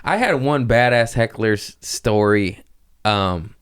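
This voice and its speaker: A man's voice: fairly low pitch, expressive, takes it slowly, a bit bright, clear, resonant tone. A man hosting a casual podcast chat who laughs easily and swears casually. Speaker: podcast host.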